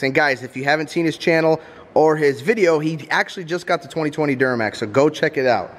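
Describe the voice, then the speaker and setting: A man's voice: on the high side, fairly quick, a little hiss or hum. A man chatting casually to viewers in a vlog, teasing and laughing often. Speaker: vlogger.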